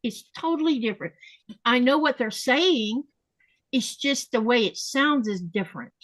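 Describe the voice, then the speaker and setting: Chatty woman host, slightly high voice. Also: lively intonation, fairly bright tone, dry recording. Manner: chatty, explains pronunciation slowly and repeats words. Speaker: podcast host. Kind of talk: casual chat.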